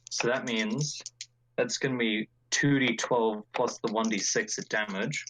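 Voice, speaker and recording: Slow-talking teasing tabletop player. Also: mid-range voice, fairly even intonation, a bit bright, slight background noise, poor audio. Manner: teasing, sarcastic. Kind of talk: playing a tabletop game on a live stream.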